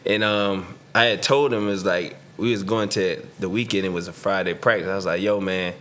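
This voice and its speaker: A man's voice: sits low, fairly quick. A middle-aged man, telling a story casually as a podcast guest and acting out the voices of the people in it. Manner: animated, slangy, acts out voices in his story. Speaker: podcast guest, former pro football receiver.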